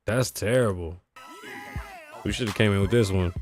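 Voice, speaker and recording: Over soft background music, a livestream podcast host speaks at normal speed in a lowish, slightly mellow voice with long pauses. His casual talk, aimed at chat and himself, is full of swearing, and his voice sounds worn and shot.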